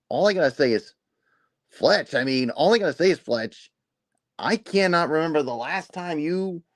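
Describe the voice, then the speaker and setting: A man's voice: fairly high pitch, no room sound, studio quality. A man co-hosting a wrestling show, reacting in casual chat with exuberant, preacher-like cheering.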